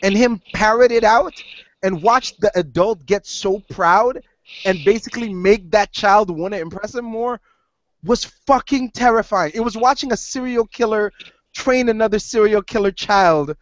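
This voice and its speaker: A man's voice: sits high, normal speed, no echo. Male podcast co-host: casual storyteller who swears and quotes people's lines, muffled lo-fi sound. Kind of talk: casual chat. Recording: dull lo-fi audio.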